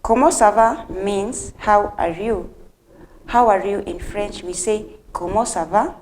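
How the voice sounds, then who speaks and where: A woman's voice: mid-range voice, a little mellow, a little hiss or hum. Woman teaching on TV. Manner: repeats phrases slowly for learners; friendly, addresses viewers directly. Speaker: host and French teacher. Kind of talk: televised language lesson.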